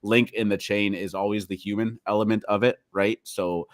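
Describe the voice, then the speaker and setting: Low-voiced man with dry, close sound. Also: fairly even intonation, moderate pace, no room sound. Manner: rambling, hesitant, many fillers. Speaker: co-host of a crypto news show. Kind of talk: casual chat.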